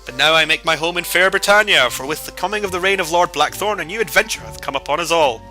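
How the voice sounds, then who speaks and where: A man's voice: fairly high pitch, fast, pushed and bright, faint music behind. A man voicing a sly, sarcastic bard who speaks in mock-archaic English with dry irony. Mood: boastful. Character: sly, sarcastic male bard, theatrical and boastful.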